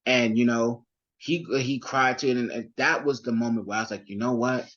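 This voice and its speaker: A man's voice: medium pitch, fairly even intonation, moderate pace, fairly bright tone, lo-fi sound. A young man as an interview guest, telling his story casually with many fillers and restarts. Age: young adult.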